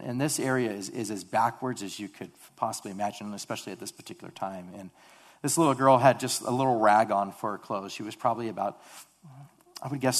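A man giving an earnest sermon testimony about his mission work, halting and often repeating words as he speaks. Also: mid-range voice.

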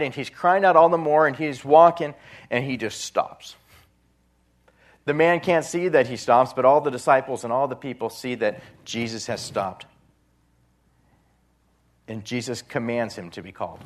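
Here a man's sermon turns a Gospel tale into drama, with sharp shifts in loudness and distinct voices for each figure. His pitch is on the high side and his pace moderate.

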